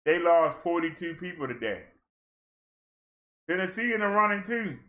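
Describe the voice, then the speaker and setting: A man's voice: sits high, lively intonation, normal speed, pushed and bright. A man from Maryland on a casual livestream, reading a long list of numbers and breaking in with playful asides and exclamations. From Maryland, USA. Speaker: fitness streamer. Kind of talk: casual livestream rundown of daily figures.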